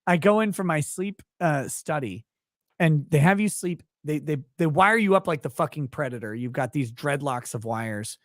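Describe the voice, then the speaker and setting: A tired man, yawning through a story, tells it with swearing and quick laughs. His voice sits a bit high for a man, and the sound is close and dry. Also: dry recording. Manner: animated, profane, laughs often. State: tired, yawning while talking. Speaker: podcast guest. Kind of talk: casual storytelling conversation.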